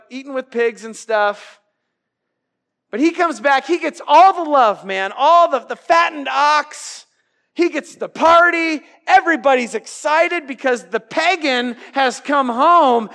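A man preaching a lively, jokey youth sermon, calling out to his listeners for amens. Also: very high-pitched. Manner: animated, jokey, calls for amens. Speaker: youth pastor.

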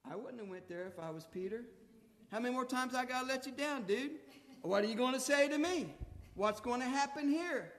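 A man preaching a sermon in a colloquial, folksy way, swinging between hushed tones and shouting as he acts out dialogue. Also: extremely high pitch, normal speed. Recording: long hall reverb.

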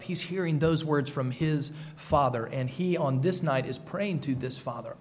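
A man's voice: a little high, moderate pace, hardly any pauses, in a large hall. A man delivering an earnest sermon as a pastor, repeating key phrases for emphasis.

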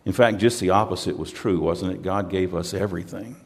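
Low-voiced american pastor telling stories in a sermon, echoey hall sound. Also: male voice, a little fast, husky. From United States. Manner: conversational storytelling, repeats words when restarting.

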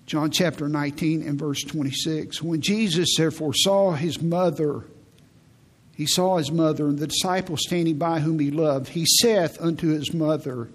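Husky-voiced man preaching with emphasis. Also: on the high side, fairly even intonation, normal speed. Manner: emphatic, repeats phrases for stress. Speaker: pastor. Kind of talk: sermon.

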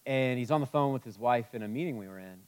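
A man preaching a sermon as a pastor, impassioned, moving between loud emphasis and hushed tenderness. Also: medium pitch, quick pace, clean tone.

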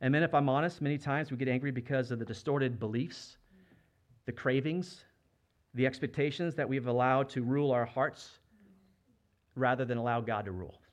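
A man's voice: medium pitch, moderate pace. A man preaching a sermon as a pastor, speaking conversationally and asking the congregation rhetorical questions. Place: church.

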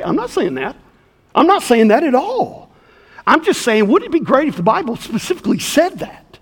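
A man's voice: very high-pitched, huge pitch swings, moderate pace, husky, long reverb tail. A middle-aged man pastoring a church, giving a folksy, conversational sermon with stories.

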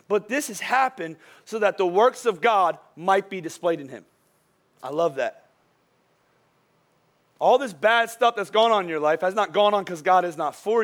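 A male pastor with a high-pitched voice preaches a sermon, his voice worn thin after a full day of speaking. He delivers it as lively, joking storytelling and turns soft and slow when the message turns serious. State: voice wearing out from a long day of preaching.

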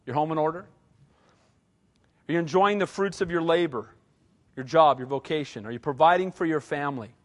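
A man's voice: a little high, fairly quick, long pauses. A middle-aged male pastor giving a conversational sermon, repeating short punchy phrases and often checking in with the congregation by asking "right?".

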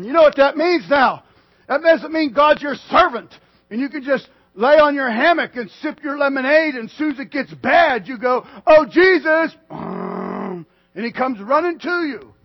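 High-voiced preaching man, muffled recording. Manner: dramatic swings between loud declarations and quiet asides. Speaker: pastor. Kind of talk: sermon.

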